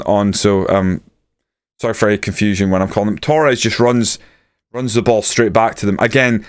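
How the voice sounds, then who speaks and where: Man, low smooth voice, excitable play-by-play over a management game, desk mic. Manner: excitable play-by-play, muttering asides. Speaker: gaming YouTuber. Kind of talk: video game commentary.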